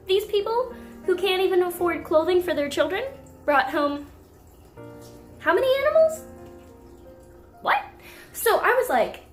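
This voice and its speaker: A fairly high-voiced young woman tells a story to her camera in a casual, animated way, rising into indignant outbursts. The room is echoey, with faint music underneath. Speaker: pet vlogger.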